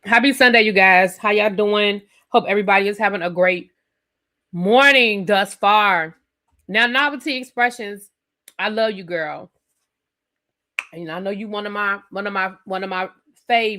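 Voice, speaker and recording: Woman streamer, young adult, chatty and animated, high bright voice. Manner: chatty, animated, talks straight to chat viewers. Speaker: YouTube reviewer hosting a live stream. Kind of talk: casual live-stream chat.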